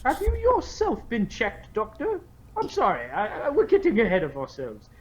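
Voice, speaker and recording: A man's voice: sits high, huge pitch swings, normal speed, muffled recording, a little hiss or hum. A man voicing a fussy elderly professor who talks politely and formally, stammering as he goes. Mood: flustered. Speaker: player.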